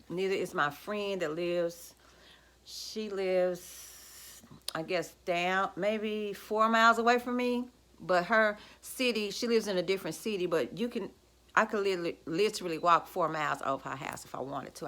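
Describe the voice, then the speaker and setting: A woman's voice: mid-range voice, pushed and bright. A woman, talking to her viewers from home in a sassy, gloating, casual vlog rant. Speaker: vlogger. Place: at home, indoors.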